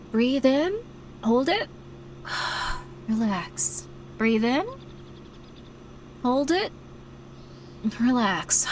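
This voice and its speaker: A woman streaming a game, talking in a chatty, playful way, easily startled and soft when guiding a breathing exercise. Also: fairly high pitch, slight background noise. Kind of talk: casual game commentary.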